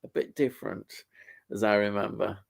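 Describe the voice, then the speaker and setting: A man's voice: fairly low pitch, steady tone, moderate pace, vocal fry. A man co-hosting a casual live stream, chatting about classic TV and reading out viewer comments with frequent laughs.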